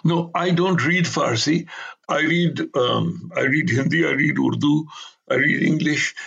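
A man's voice: on the high side, unhurried, creaky, fairly bright tone, breathy edge, muffled recording. An older man, an author in a conversational interview, talking in an emphatic, digressive way and giving blunt opinions.

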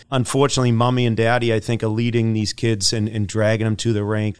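A man with a fairly low, smooth voice makes his point with earnest conviction. He speaks to young listeners in a casual podcast setting. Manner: earnest, advice-giving, driving home a point. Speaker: podcast co-host.

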